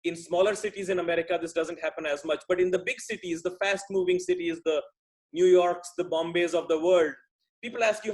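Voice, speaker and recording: A middle-aged man from India gives a conversational talk as a guest speaker. His voice sits fairly high for a man. He speaks thoughtfully and often restarts his sentences. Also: fairly even intonation, fast. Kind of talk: talk on workplace relationships.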